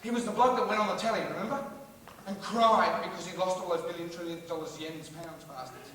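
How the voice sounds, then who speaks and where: A man's voice: sits high, brisk. A man doing a rambling, sweary live stand-up rant and riffing with the crowd. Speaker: stand-up comedian. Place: large theatre hall. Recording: echoey hall recorded from far off with loud noise.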